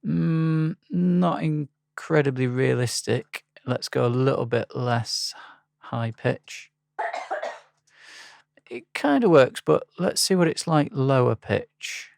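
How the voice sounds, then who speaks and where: A man talking through a software tutorial in a relaxed, halting way with frequent pauses and ums. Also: medium pitch, vocal fry, no room sound, clean studio sound. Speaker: instructor. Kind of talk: screen-recorded software tutorial.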